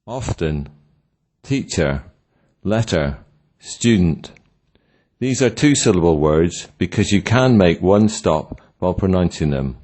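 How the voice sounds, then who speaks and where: A man narrating a scripted pronunciation lesson, slowly and deliberately sounding out example words. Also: sits low, expressive, a little mellow. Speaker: pronunciation teacher.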